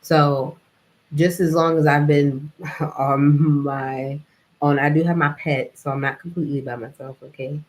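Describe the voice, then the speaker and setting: A woman's voice: low-pitched, steady tone, a little slow, low-quality recording. A young adult woman talking in a casual, reflective vlog monologue, rambling and filling her speech with "like" and "you know". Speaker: vlogger.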